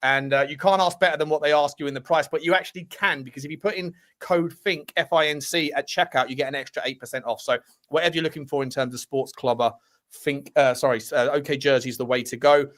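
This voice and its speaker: Man, football podcast co-host, casual rambling delivery, slightly raised pitch. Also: fairly even intonation, quick pace, a bit bright. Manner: chatty, rambling, reads ad plugs.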